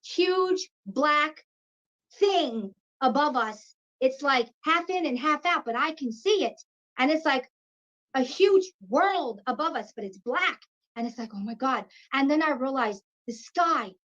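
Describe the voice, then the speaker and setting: Brief: woman in her 50s, high voice, animated storyteller, dull lo-fi audio. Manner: animated, acts out quoted voices. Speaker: guest. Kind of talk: personal storytelling. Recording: dull lo-fi sound.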